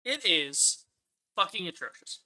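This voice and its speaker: Man, live-stream rant, angry, swearing, repeats himself, very sharp bright voice. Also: sits high, big pitch swings, unhurried. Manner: angry, profane ranting. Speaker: streamer reviewing a film.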